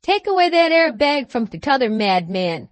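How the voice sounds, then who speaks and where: A blunt young manservant barks threats, put on by a woman reading a storybook. The voice sits a little high and sounds dry and close. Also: very animated, moderate pace, dry recording. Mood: gruff. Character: blunt, streetwise young male servant.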